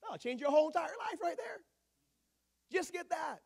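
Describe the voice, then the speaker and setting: A male pastor preaching a sermon in an animated, joking, conversational way. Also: very high-pitched, normal speed, gravelly.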